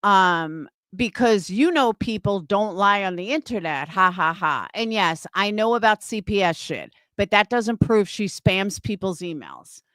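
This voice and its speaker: A woman's voice: mid-range voice, animated, measured pace, few pauses, a bit bright, dry recording, clean studio sound. A woman in her fifties ranting on a livestream, profane and scornful, mocking her critics. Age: 50s. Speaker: livestream host.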